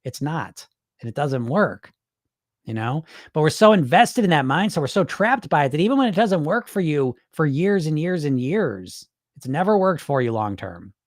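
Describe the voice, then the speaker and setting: A man's voice: on the high side, very animated, moderate pace, no echo, studio quality. A man coaching dieters in a live-stream talk, blunt, profane and mocking as he acts out their excuses. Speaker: weight loss coach.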